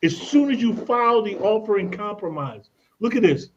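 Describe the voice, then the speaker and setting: A man's voice: high-pitched, lively intonation, normal speed, dull audio, slight background noise. A man appearing as a guest expert on a radio talk show, explaining in an emphatic, persuasive way with casual slang. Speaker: credit and tax expert guest. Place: radio studio.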